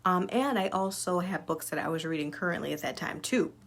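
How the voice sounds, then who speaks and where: With a lowish, creaky voice and brisk delivery, a small business owner chats to camera about personal growth, addressing her followers in an upbeat, casual way with plenty of fillers.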